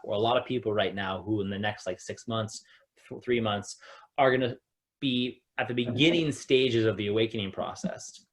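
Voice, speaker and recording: Rambling yoga teacher asking questions. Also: male voice, on the low side. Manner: rambling, hesitant, many fillers and restarts while framing questions. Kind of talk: casual spiritual discussion.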